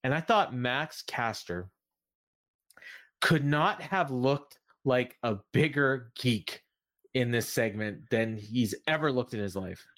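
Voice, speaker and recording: A man's voice: medium pitch, slow, a bit bright. A man co-hosting a wrestling podcast, recapping the week's shows in a loose, rambling way full of fillers and restarts. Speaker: podcast co-host. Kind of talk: casual wrestling recap chat.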